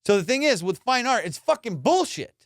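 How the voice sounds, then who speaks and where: A man hosting a comedy podcast, ranting in a casual, profane, animated way and slipping into mock voices. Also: extremely high pitch, fairly quick, dry recording, clean studio sound. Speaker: podcast host.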